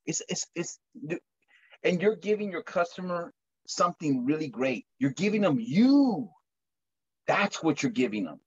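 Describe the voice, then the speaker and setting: A high, husky man's voice coming through a slightly muffled video call. He gives an energetic motivational pep talk, jumping into quick acted-out chats with customers. The sound is dull and lo-fi. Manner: animated, acts out customer chats in bursts. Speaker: solar sales trainer.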